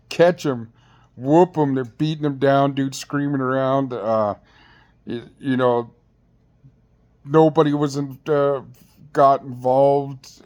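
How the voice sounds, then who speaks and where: A man's voice: mid-range voice, a little mellow. A man who was once in jail tells a story casually, in slangy, rambling speech with blunt asides and frequent restarts. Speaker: former inmate telling a jail story.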